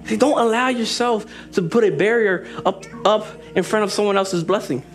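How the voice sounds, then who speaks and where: A young male pastor preaches with a very high voice, lively and joking. He rushes through asides, then slows right down to land his points. Faint music plays beneath him. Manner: lively, joking, shifts between fast asides and slow emphatic lines. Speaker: assistant pastor. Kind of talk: sermon.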